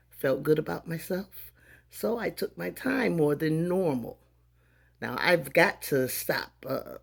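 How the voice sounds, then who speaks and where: A woman in her fifties recounts a story in a casual vlog, slipping into the voices of the people she describes. Her voice is husky with a gravelly edge. Her pitch rises and falls a great deal as she goes. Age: 50s. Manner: animated, acts out dialogue in voices. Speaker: vlogger.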